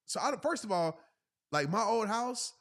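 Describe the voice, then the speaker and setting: A man in his thirties with a drawl spins a casual, funny story. His voice sits a little higher than most men's, and he throws himself into acting out everyone's lines. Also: moderate pace. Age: 30s. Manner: animated, acts out voices of people in the story. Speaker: motivational speaker telling a story.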